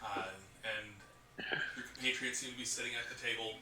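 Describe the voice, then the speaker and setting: Casting: man as tabletop game master, laid-back and chuckling, very bright voice, roomy distant mic. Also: medium pitch, a little fast, a little hiss or hum. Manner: relaxed, laughing, many fillers and restarts.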